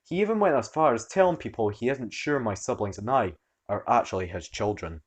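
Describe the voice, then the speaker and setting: A man narrating online stories with a mid-pitched voice that moves with lively, wide swings. His delivery is expressive and animated. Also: a little fast. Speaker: story narrator.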